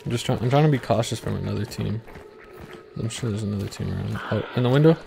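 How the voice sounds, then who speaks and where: Excitable swearing man on game chat. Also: fairly low pitch, quick pace, creaky. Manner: swears a lot, excitable callouts. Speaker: gamer. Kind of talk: casual gaming chat. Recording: noisy game audio behind.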